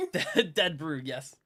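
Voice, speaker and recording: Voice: medium pitch, sharp tone, husky. A streamer in casual gaming chat, rambling and joking with frequent giggles.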